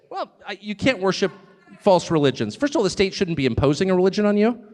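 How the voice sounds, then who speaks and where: A man's voice: high-pitched, sing-song, fast talker. A man giving a live political speech in an emphatic way, with wry asides. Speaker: speaker at a public event. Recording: echoey hall with long reverb.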